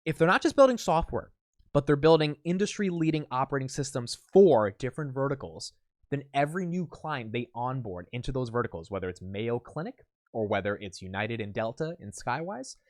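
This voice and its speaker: Energetic man explaining stock news. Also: medium pitch, a little fast, no room sound, clean studio sound. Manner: energetic, explanatory, talks to the viewer directly. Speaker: host of a daily stock analysis show. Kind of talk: casual solo commentary on investing news.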